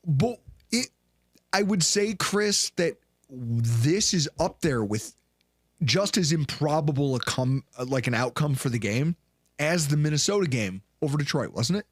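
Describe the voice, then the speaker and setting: A man in his late twenties or thirties co-hosting a sports recap show, telling game stories with lively acted-out quotes. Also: a little high, measured pace, no echo, studio quality. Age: late 20s or 30s. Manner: animated storyteller, acts out quotes loudly. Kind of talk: casual sports talk.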